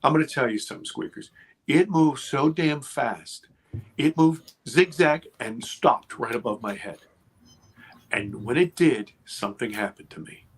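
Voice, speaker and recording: Husky man telling a gripping story. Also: mid-range voice. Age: 50s. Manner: intense, swearing, animated retelling. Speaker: podcast guest, TV producer. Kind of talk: emotional storytelling in conversation.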